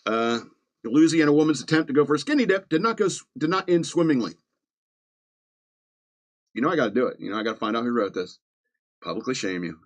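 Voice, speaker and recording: A man's voice: medium pitch, very animated, fast talker, long pauses. Sarcastic man hosting a podcast. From Virginia. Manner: sarcastic, chuckling asides. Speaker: podcast host. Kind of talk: casual comedic news commentary.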